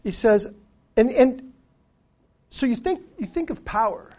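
A man's voice: very high-pitched, animated, measured pace. A middle-aged man preaching a sermon in a conversational way, full of restarts and rhetorical questions. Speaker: pastor. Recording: dull lo-fi sound.

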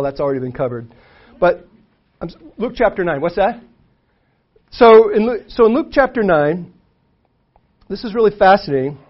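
Guy teaching a bible class, high voice, keeps asking right?, kinda muffled recording. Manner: animated, frequent "right?" asides, restarts. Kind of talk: conversational Bible lesson.

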